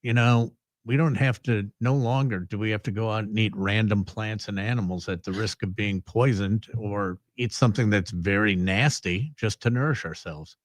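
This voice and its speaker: A man's voice: lowish voice, moderate pace, few pauses, no room sound. A man co-hosting a sports radio show, musing with dry, wry humor. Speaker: radio co-host. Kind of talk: casual sports radio chat.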